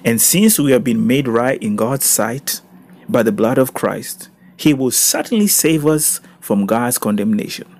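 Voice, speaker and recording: A male pastor preaching a sermon and reading scripture, swinging between soft reading and loud emphatic exclaiming. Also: mid-range voice, animated, measured pace.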